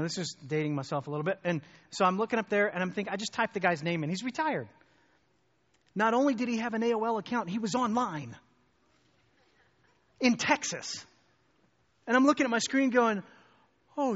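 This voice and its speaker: A man preaching a sermon, telling a personal story in an animated way and climbing high and loud when excited. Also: a little fast, long pauses. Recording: muffled hall with long reverb.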